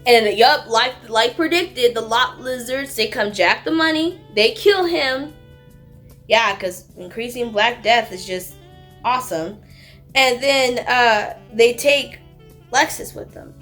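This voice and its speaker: A woman's voice: fairly high pitch, expressive, takes it slowly, a bit bright. A woman casually reviewing a movie in a vlog, retelling the plot with lots of fillers and sassy asides. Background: faint background music.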